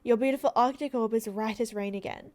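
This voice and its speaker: A woman's voice: a little high, brisk, dark tone, natural voice. A woman voicing a kind, brave young heroine in a game, speaking earnestly. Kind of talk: reading game dialogue aloud.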